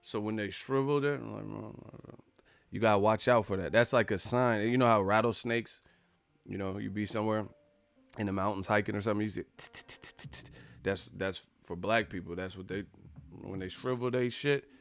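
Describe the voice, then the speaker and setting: A man hosting a live stream, profane and animated, acting out the people he talks about. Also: on the low side, a little fast, clear, resonant tone, dry recording. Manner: profane, animated, acts out quotes. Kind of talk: casual live-stream commentary.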